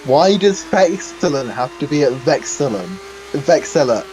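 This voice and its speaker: A man's voice: a little high, expressive, measured pace, a little mellow, slight background noise, low-quality recording. A man co-commentating a sim race in a casual, teasing way, with some hesitant restarts.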